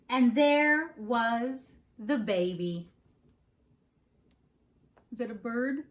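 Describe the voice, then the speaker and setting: A woman, a preschool teacher, reading a children's picture book aloud in a playful, animated way and asking the listeners questions. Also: fairly high pitch, drawn-out words. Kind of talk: children's storybook read-aloud. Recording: faint background noise. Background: dog barking now and then.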